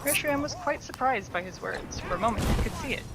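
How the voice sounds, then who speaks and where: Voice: medium pitch, expressive, quick pace, low-quality recording. A let's play commentator reading fan fiction aloud in a casual way, stumbling and correcting themselves now and then. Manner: reads with stumbles and self-corrections.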